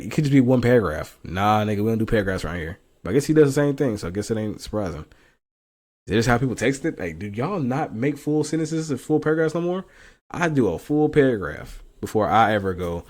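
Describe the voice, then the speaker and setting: A young man giving loose, slangy commentary, breaking into laughs and loud outbursts as he reacts. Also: on the low side, lively intonation, fast. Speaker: co-host reacting to news. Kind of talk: casual commentary chat.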